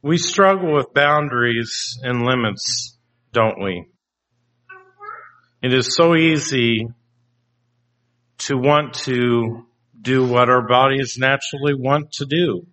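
A man preaching a sermon, slow and deliberate, often putting questions to his congregation. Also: medium pitch, a bit bright. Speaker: pastor. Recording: dull lo-fi recording.

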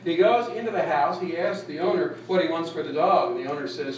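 A man's voice: on the high side, sing-song, quick pace, hardly any pauses. Folksy preacher man, echoey and distant. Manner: folksy, humorous, laughs at own jokes. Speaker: pastor. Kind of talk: sermon. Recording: echoey room, distant mic, faint noise.

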